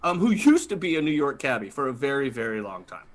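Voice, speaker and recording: A man doing improv comedy, playing a scuba instructor and then hosting the next game in a playful, animated way. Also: medium pitch, fast talker. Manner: playful, animated, drifts into accents. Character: male scuba instructor at a fish and flower shop. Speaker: improv performer and host.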